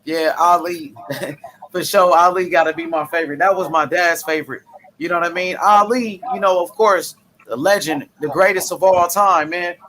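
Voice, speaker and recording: Man, high bright voice, enthusiastic boxing host, faint background noise. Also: steady tone, normal speed. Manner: enthusiastic, repeats "you know". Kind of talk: casual boxing chat.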